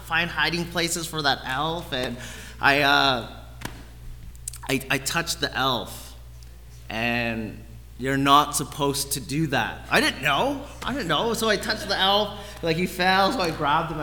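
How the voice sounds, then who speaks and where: Chatty young dad preaching in a hall. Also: male voice, fairly high pitch, moderate pace, sharp tone. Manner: chatty, rambling, full of likes and ums. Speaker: guest preacher. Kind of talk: casual sermon. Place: church hall. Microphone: handheld mic.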